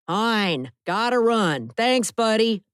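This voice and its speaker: A crooked, scheming man, played by a woman narrator who blusters through every line. His voice sits higher and louder than her plain reading, in a dry, close audiobook sound. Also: animated, slow pace, clean tone, dry recording. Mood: dismissive. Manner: brash, blustering. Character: crooked scheming man, land-grabbing neighbor.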